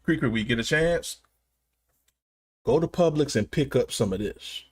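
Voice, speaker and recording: A man's voice: mid-range voice, lively intonation, normal speed, slightly rough. Laid-back joking male streamer. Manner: loose, joking, laughs often. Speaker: live streamer. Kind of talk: casual chat with live viewers. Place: at home in a gaming chair.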